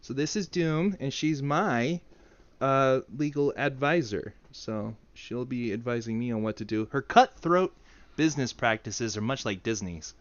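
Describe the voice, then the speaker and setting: A man's voice: medium pitch, unhurried, no echo, dull audio. A man streaming himself playing a game, chatting casually in a playful way. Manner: playful, lively, prone to laughing. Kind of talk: casual live game commentary. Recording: game music behind the voice. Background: game music.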